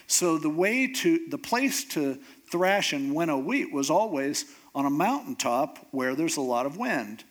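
A man's voice: fairly high pitch, big pitch swings, a little slow, few pauses. A man teaching a Bible story in a casual, conversational way, acting out the characters as he goes.

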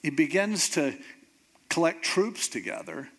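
Casual preacher, slightly high voice, chatty storyteller who acts out scenes. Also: male voice, sing-song, unhurried, gravelly, fairly bright tone. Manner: conversational storyteller, acts out the characters. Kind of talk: casual Bible teaching.

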